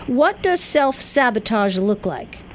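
A woman hosting an interview, asking brisk, prompting questions. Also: a little high, sing-song, slight background noise. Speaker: interview host. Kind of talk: radio interview.

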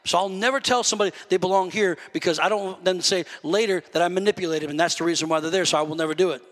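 A man preaching to his church, storytelling that swells into loud, fervent preaching. His voice sits high and sounds bright and sharp. The sound carries a long reverb from the sanctuary. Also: rapid-fire. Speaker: pastor. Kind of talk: sermon.

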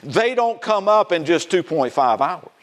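A South Carolina pastor with a Southern American accent preaches a sermon in a high voice at a measured pace. He's animated, putting questions to the audience as he goes and acting out the voices he quotes.

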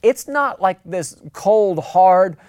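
Pastor preaching a conversational sermon. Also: male voice, sits high, animated, slow, a little mellow, clear, resonant tone, no echo, studio quality. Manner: conversational, repeats for emphasis, acts out quotes.

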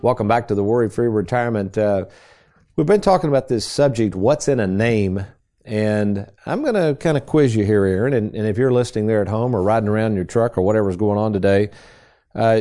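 A man's voice: fairly low pitch, brisk, warm tone. A man hosting a retirement-planning radio talk show, talking in a folksy way, quizzing his co-host and stressing key words as he explains.

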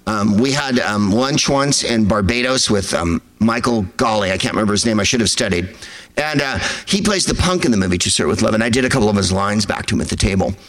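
A man telling rambling, wry stories to a live audience, slipping in quick impressions of people. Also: lowish voice, lively intonation, fairly bright tone, poor audio.

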